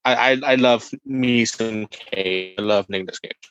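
A man's voice: lowish voice, fairly bright tone, clean tone, no room sound, muffled recording. A man co-hosting a podcast, chatting casually and stammering a little at the start of his sentences. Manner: halting, stammers when starting. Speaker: podcast co-host.

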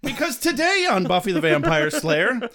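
A man's voice: high-pitched, normal speed. A man co-hosting a podcast, joking and swearing playfully while reading supporter names and recapping an episode. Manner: playful, profane and animated. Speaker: podcast co-host. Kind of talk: casual comedic chat and episode recap.

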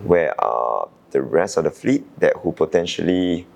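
A young man from Singapore, an Olympic sailor, calmly recalling his qualifying race in an interview, thoughtful with frequent fillers. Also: sits low, normal speed, creaky. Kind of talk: reflective interview answers.

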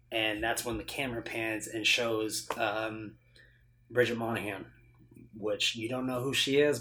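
A man in casual conversation, retelling a film scene at length in a loose, rambling way. His pitch sits in a plain middle range. Faint hiss sits under the voice. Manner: rambling, animated retelling with acted-out quotes. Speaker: podcast co-host. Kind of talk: casual chat about movies.

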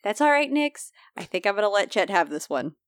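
A woman's voice: medium pitch, big pitch swings, fairly quick. A woman playing a tabletop role-playing game, bantering playfully and describing her character's moves. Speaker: player. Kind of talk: casual tabletop game play.

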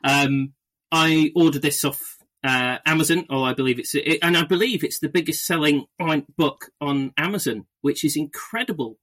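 A man's voice: fairly high pitch, moderate pace, fairly bright tone. A man hosting a podcast in casual chat. He talks with eager enthusiasm and often stammers and restarts his words. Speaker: podcast host.

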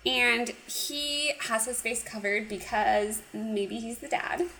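A woman casually recapping a cartoon episode, animated and giggly, acting out the characters' lines. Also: a little high, takes it slowly, slight background noise, poor audio. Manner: animated retelling with acted quotes, giggly. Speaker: podcast co-host.

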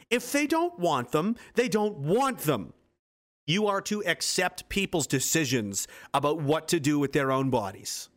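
Man in his twenties, streamer, heated and sarcastic, swears a lot, fairly high voice. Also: sing-song, a little slow, a bit bright. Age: 20s. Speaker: livestream host. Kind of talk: angry political rant on a livestream.

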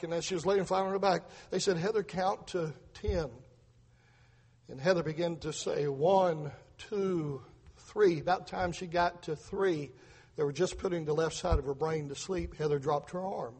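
A middle-aged preacher, a father sharing his testimony, delivers an earnest sermon, retelling events with repeated words and acted-out voices. His high, husky, slightly mellow voice has fairly even intonation and a moderate pace, and a long reverb trails behind it.

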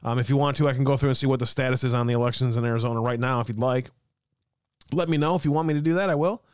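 Man, live-stream host, casual chat, laughs a lot, smooth voice, dry close sound. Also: medium pitch, racing, a little mellow, no room sound. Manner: chatty, reads chat aloud, laughs often.

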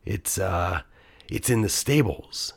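A man's voice: deep voice, animated, slow, creaky, slightly rough, full character voice. A man voicing a greedy, sly male thief in a storybook reading, teasing and muttering asides. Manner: scheming, teasing, whispering asides.

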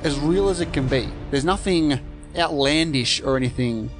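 A man co-hosting a podcast in a relaxed, playful chat. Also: on the high side, normal speed, over music. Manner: relaxed, playful, laughs often. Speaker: podcast co-host. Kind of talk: casual chat.

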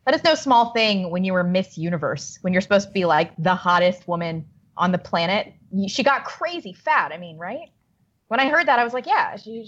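A woman's voice: mid-range voice, fairly bright tone. A woman co-hosting a podcast in casual chat, blunt and emphatic. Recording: dull lo-fi audio.

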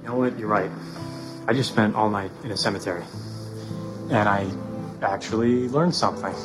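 An actor playing a remorseful young man, apologizing in a sincere, halting way in a film scene. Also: lowish voice, natural voice, low-quality recording. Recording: film clip with music behind.

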